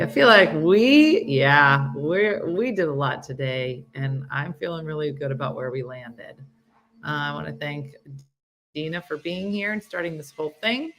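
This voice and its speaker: A woman's voice: fairly low pitch, fairly bright tone. A middle-aged woman hosting a casual morning show, playful and laughing as she stumbles over foreign words. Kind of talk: casual live-stream chat.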